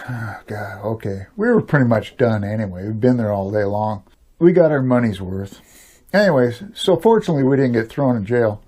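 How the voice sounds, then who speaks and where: An older man telling a long personal story in a loose, rambling way, chuckling often and filling pauses with "you know.". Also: mid-range voice, sing-song, a little mellow, breathy edge. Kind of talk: casual spoken storytelling.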